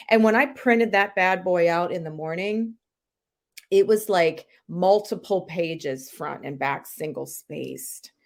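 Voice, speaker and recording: A woman, a health coach and author, telling a personal story as a podcast guest in an animated, emphatic way with sudden jumps in pitch.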